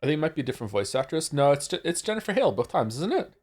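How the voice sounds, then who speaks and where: A man's voice: fairly high pitch, very animated, racing, a little mellow. A man streaming a game live, reading viewer chat aloud and answering it in a talkative, wry way.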